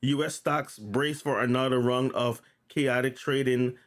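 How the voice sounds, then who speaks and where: A man's voice: medium pitch, steady tone, a little slow. A man hosting his own channel, reading news notes aloud in a casual way and often stuttering, repeating and restarting words. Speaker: channel host.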